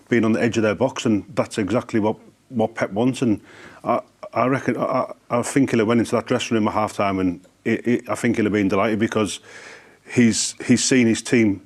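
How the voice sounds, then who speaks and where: Earnest man pundit, low voice. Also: a little mellow. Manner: earnest, repeats words as he thinks. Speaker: studio pundit. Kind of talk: studio football analysis.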